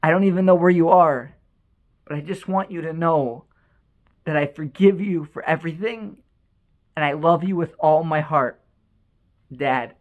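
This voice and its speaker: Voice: mid-range voice, unhurried, long pauses, narrow, tinny audio, close to an everyday voice. Storyteller reading a dying father's tender note. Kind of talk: read-out letter in a story.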